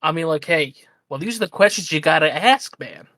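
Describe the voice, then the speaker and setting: A man's voice: on the high side, lively intonation, a little fast, sharp tone, no room sound, clean studio sound. A man, a musician guest on a podcast, chatting in a laid-back, teasing way. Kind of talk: casual interview chat.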